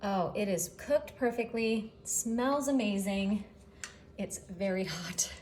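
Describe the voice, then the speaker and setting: In her own kitchen, a cooking show host runs a relaxed demonstration, chatty and upbeat as she speaks to her partner behind the camera. She talks slowly at a medium pitch with a darkish tone, over slight background noise.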